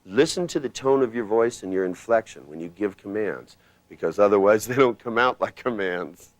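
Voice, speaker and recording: Low-voiced man teaching hypnosis, emphatic. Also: animated, moderate pace, no echo. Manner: emphatic, commanding, swings pitch and loudness to demonstrate; blunt, casual, occasional swearing. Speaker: hypnosis trainer. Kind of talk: live workshop lecture.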